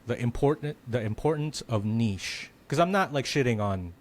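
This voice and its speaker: A man's voice: mid-range voice, lively intonation, moderate pace. A man hosting a podcast, chatting casually and thinking aloud with frequent fillers. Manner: reflective, thinking aloud with many "like"s. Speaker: podcast host. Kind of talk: casual conversation.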